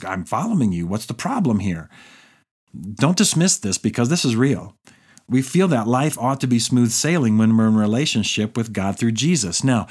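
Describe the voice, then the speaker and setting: Male pastor, lower register, casual pulpit delivery, slips into voicing prayers. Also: darkish tone. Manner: conversational preaching, acts out quoted prayers. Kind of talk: sermon.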